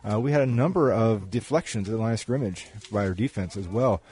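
A man's voice: on the low side, a little fast, a little mellow, breathy edge. A man giving color commentary on a postgame football radio show, rambling with many restarts. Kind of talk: postgame radio sports talk.

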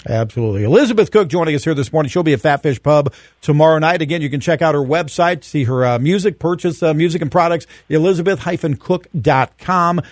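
A man's voice: on the high side, quick pace, dry recording, studio quality. A man hosting a morning radio interview, eager and full of fillers. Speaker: radio host.

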